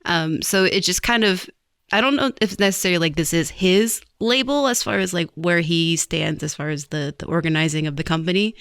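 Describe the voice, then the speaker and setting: A podcast co-host reading out news headlines in casual chat, halting with many restarts. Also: medium pitch, a bit bright, smooth, no echo, clean studio sound.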